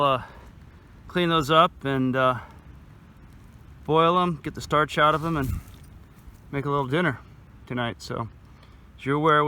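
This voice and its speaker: A man with a higher, slightly bright voice gives a relaxed, chatty walking tour of his farm garden outside, shot on a handheld phone. He calls viewers "man" and "dude" and chews food now and then. The recording is rough, with a bit of hiss or hum.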